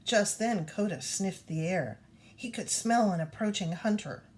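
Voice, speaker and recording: Woman, storybook read-aloud, lively swooping intonation, mid pitch. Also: measured pace. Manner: expressive, animated storytelling. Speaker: reader.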